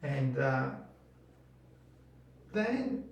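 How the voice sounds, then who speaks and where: A man giving a mathematics lecture, slow and halting, pausing between phrases. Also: medium pitch, very animated, gravelly, slight background noise. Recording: echoey room, voice from far off.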